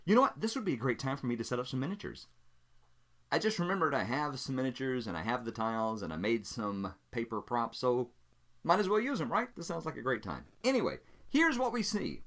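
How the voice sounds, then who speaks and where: Lively, bright-voiced male game master. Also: medium pitch, a little fast. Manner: thinking aloud with fillers, explaining dice rolls. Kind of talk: narrating a solo tabletop game.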